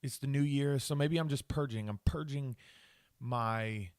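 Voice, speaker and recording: A man's voice: medium pitch, a little slow, smooth, dry recording, studio quality. A man hosting a solo podcast, ranting crudely with lots of swearing and laughing at himself. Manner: self-mocking, laughs at himself. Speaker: podcast host.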